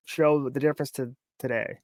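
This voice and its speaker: A man's voice: mid-range voice, fairly even intonation, moderate pace, darkish tone, no room sound, studio quality. Argumentative man co-hosting a chat. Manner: argumentative, crude joking. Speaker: co-host. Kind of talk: casual chat.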